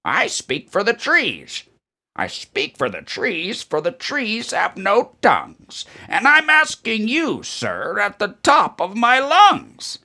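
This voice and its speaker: Storybook role: woman playing a bossy old mossy creature, bright sharp voice, high and swooping. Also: huge pitch swings, takes it slowly, full character voice. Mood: insistent. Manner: shouting, insistent.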